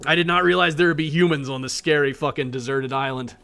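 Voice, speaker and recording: Over soft background music, a fast-talking man with a slightly high, creaky voice streams an indie survival game. He chats casually, animated and profane, often making fun of himself.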